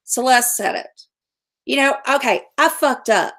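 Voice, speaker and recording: A woman's voice: sits high, a little slow, fairly bright tone. A middle-aged woman hosting a casual livestream, talking bluntly, swearing freely and laughing often. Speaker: livestream host.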